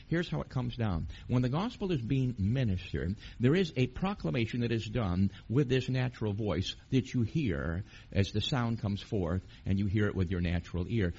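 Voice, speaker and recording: A man preaching a sermon, emphatic, rising to loud peaks and asking the congregation questions. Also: fairly low pitch, gravelly, slightly rough, highs cut off.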